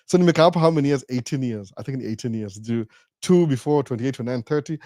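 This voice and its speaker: A man's voice: mid-range voice, fast, no echo, studio quality. A man, hosting a live Q&A and asking himself rhetorical questions as he explains. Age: 40s. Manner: mixes English and Swahili, rhetorical questions, animated. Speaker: host. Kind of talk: live Q&A talk.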